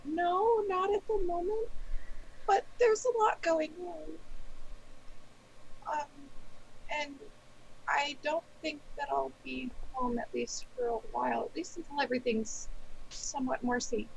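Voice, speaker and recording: A woman's voice: sits high, fairly even intonation, moderate pace, vocal fry, background noise. A woman voicing an anxious young witch student who stammers and pleads in a tabletop game. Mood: subdued.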